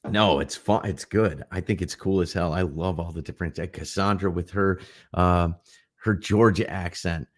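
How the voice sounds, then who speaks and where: A middle-aged man co-hosting a casual livestream chat, telling rambling, animated stories. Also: deep voice, moderate pace. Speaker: livestream co-host.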